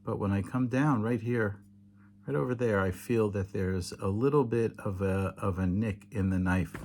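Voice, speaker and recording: A tired man explains a hands-on demonstration late at night, patient and halting, with many fillers and self-corrections. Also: on the low side, fairly even intonation, darkish tone, a little hiss or hum. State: tired, yawning. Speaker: teacher demonstrating kosher slaughter. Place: home indoors in Israel, at night.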